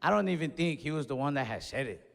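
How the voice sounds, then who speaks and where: A young man with a fairly high voice tells a stand-up story with loose, profane energy, jumping into other people's voices as he goes. His handheld mic sits in a big room with a long reverb trailing after every line. He sounds animated and quick to act things out. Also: vocal fry. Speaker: stand-up comedian. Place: comedy club stage. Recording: long hall reverb on stage.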